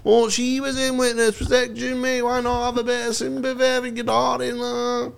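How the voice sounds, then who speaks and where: A man with an animated, sweary manner, telling stories in casual podcast banter. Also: very high voice, moderate pace, vocal fry, smooth. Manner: sweary, animated storytelling with impressions. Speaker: podcast co-host.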